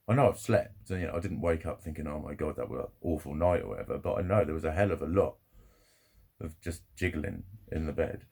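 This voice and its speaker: A man's voice: low-pitched, gravelly, darkish tone, husky. A middle-aged man, talking in a casual, rambling monologue to his camera. He swears a lot and often laughs at his own jokes. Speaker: vlogger.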